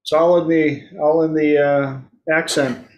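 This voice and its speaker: A man's voice: on the high side, level tone. A man on a casual group video call who talks unhurriedly, telling small anecdotes. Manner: slow, anecdotal. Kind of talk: casual panel discussion.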